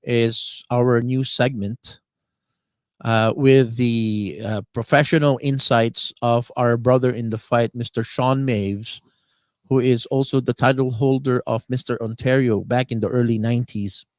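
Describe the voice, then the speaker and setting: Halting male live-stream radio host. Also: mid-range voice, steady tone, no echo. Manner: halting, many fillers and word searches.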